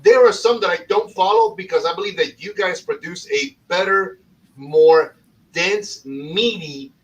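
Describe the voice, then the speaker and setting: Brief: enthusiastic male host, fairly high voice, sits a little far from the mic. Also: measured pace, lo-fi sound. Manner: effusive, enthusiastic. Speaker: podcast host and cigar shop owner. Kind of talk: casual podcast chat.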